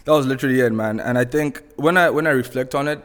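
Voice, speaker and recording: A man's voice: medium pitch, fast, fairly bright tone, big-room sound. A young man from Zimbabwe, a podcast guest telling a story in a casual, chatty way, laughing often. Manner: laid-back, laughs often, chatty slang.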